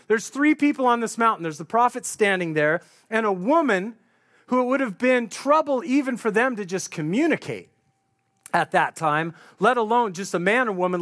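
High-voiced man preaching a story sermon. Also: a bit bright. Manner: conversational, storytelling, vivid retelling.

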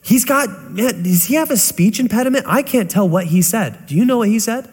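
A man's voice: high-pitched, expressive, fairly quick, darkish tone, slightly rough, in a large hall. A man playing a bewildered male God who asks confused questions, as a joke in a sermon. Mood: puzzled. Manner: mock-bewildered, joking. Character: puzzled, clueless male God asking questions.

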